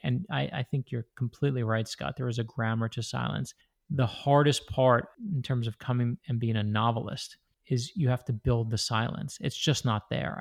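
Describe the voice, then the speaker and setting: A man with a gravelly edge to his mid-range voice talks with animation, rushing ahead and restarting his sentences. He sounds like an author who is eager to explain his writing. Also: medium pitch. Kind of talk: interview conversation.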